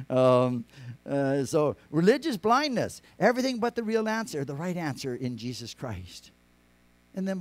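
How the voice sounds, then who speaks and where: A man preaching a sermon, rambling with many restarts, rising to emphatic lines and dropping to quiet asides. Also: fairly high pitch. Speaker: pastor.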